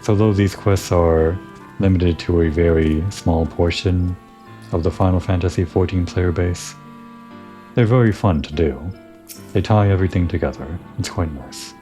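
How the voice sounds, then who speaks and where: A man's voice: deep voice, moderate pace, dark tone, faint music behind. A man giving casual, rambling commentary over gameplay. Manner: rambling, musing asides.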